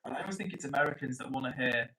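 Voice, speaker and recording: An English man hosting a livestream from home, chatting casually and reading out comments in an excitable, quick way. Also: mid-range voice, crowd noise, poor audio. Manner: excitable, fast-talking. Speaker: livestream host.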